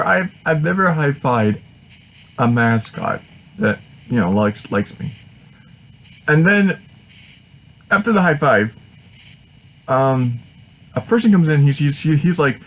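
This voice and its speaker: Brief man for a casual home vlog, chatty, rambling and excitable. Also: mid-range voice, moderate pace, poor audio. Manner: rambling and excitable, with frequent restarts and laughs. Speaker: vlogger.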